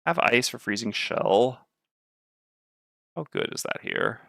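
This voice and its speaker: A man's voice: medium pitch, animated, slow, vocal fry, pushed and bright, no echo, clean studio sound. A man playing a tabletop board game on stream, thinking aloud and weighing his moves. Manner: muttering, weighing options aloud.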